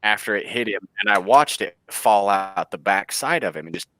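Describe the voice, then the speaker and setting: Animated man telling a hunting story. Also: lowish voice, moderate pace. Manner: animated, laughing storyteller who acts out quotes. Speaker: bowhunter guest. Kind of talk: casual storytelling chat.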